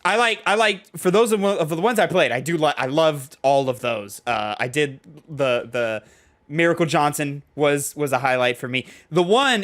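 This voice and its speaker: A man co-hosting a gaming podcast, chatting casually and retelling stories with animated, filler-heavy delivery. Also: a little high. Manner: animated storytelling, lots of "like". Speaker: podcast co-host. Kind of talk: casual chat.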